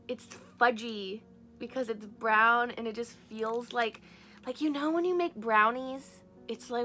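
A young woman hosting a casual unboxing vlog, gushing and excitable, gasping over each cute item. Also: a little high. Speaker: craft and squishy channel host.

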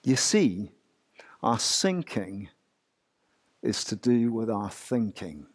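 Man, English accent, preaching, slow deliberate pace, swooping expressive pitch. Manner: animated preaching with rhetorical questions. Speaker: pastor. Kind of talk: sermon.

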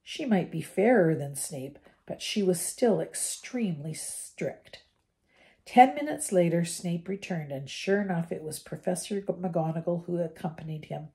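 An older woman reading a children's novel aloud to her grandchildren, expressive, with small slips. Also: fairly low pitch, a little slow. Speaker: storyteller.

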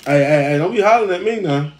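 A man's voice: high-pitched, expressive, fast, darkish tone. A man, teasing a family member in casual vlog banter. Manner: teasing, drawling Southern slang.

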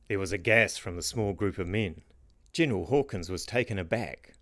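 A man narrating his own fantasy book in a measured, dramatic reading. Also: sits low, fairly bright tone, no room sound, clean studio sound. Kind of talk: storybook narration.

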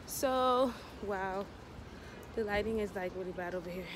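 A young woman talks to her phone camera in a loose, rambling vlog, calling her viewers y'all. Her voice sits fairly high. The audio is noisy, picked up on a clip-on mic while she moves from home out onto a rainy street. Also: a little slow. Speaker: vlogger. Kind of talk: casual vlog chat.

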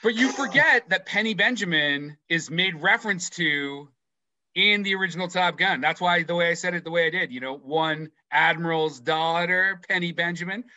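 Animated, swearing podcast host. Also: male voice, on the high side, no echo, highs cut off. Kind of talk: casual chat.

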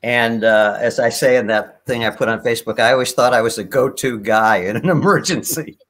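A brisk, slightly bright mid-range voice belongs to an older man performing as a guest on a video call. He tells anecdotes that wander, starting over again and again while laughing at what he's recounting.

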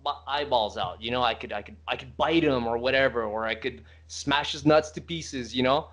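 A man's voice: medium pitch, normal speed, fairly bright tone. A man talking as a podcast guest about fighting, hesitant and full of fillers and restarts. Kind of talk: casual podcast conversation.

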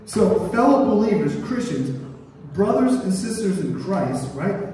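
A man's voice: high voice, big pitch swings, measured pace, dark tone. A man preaching a sermon as pastor, leading the congregation to repeat phrases back to him. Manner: sings a line playfully. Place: church sanctuary. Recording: echoey hall from far off.

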